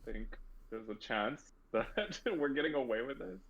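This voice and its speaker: A man's voice: mid-range voice, expressive, measured pace, a bit bright, muffled recording. A man playing a tabletop game, exasperated and joking. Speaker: player. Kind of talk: casual tabletop role-play.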